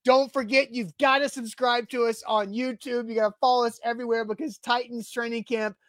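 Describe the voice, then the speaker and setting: A man's voice: very high voice, flat delivery, a little fast, a bit bright, dry recording. Easygoing male host, dry sound. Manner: easygoing, laughs along. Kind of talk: casual sports chat.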